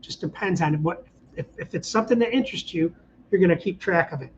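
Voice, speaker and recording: A middle-aged man hosts a casual live stream, rambling along and reading out viewer comments. His voice sits a little high for a man. The stream audio is slightly muffled, with a faint hiss underneath. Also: quick pace. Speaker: channel host. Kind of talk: casual livestream chat.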